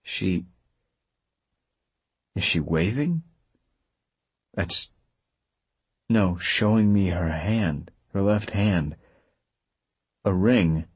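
Guy doing a low, gentle young man, plain and steady, slow talker. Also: husky, no echo, full character voice. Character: steady, kind young man talking to a ghost.

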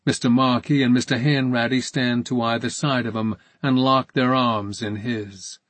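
A man reading a story aloud in a measured, calm narration. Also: medium pitch, dry recording. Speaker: audiobook narrator. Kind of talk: scripted narration.

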